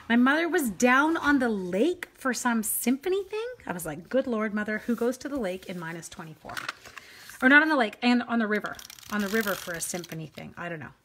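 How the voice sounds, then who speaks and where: A woman's voice: mid-range voice, a bit bright, a little hiss or hum. A middle-aged Canadian woman with a Canadian accent, chatting to viewers as she demonstrates a live stamping craft.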